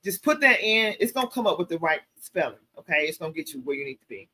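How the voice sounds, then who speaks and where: A woman hosting a casual livestream Q&A, telling stories in an animated, preachy way and calling her viewers y'all. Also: sits low, fast talker. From American South. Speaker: show host.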